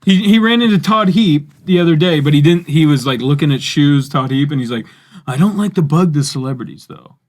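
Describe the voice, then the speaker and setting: A man's voice: fairly high pitch, a little fast, darkish tone. A young man co-hosting a casual podcast chat, teasing his father and laughing often. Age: young adult. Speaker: co-host.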